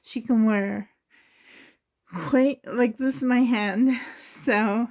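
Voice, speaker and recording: Slow, gushing woman rambling on camera. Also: on the high side, fairly even intonation, a little mellow. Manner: rambling, gushing, laughs often. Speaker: doll collector vlogger. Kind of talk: casual rambling vlog chat. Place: home nursery.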